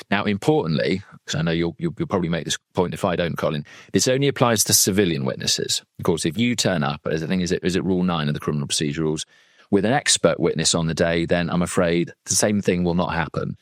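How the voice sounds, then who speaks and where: A man's voice: low-pitched, fast, no room sound, studio quality. A man, a legal trainer and former defence lawyer, talking through a case in a chatty, digressive way with plenty of asides. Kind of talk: conversational legal training talk.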